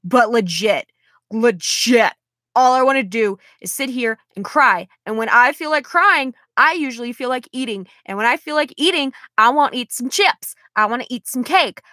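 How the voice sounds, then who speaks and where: Exasperated young woman vlogging, bright voice. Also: fairly high pitch, animated, moderate pace, no room sound, studio quality. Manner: rambling, exasperated, sighing. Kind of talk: casual vlog monologue.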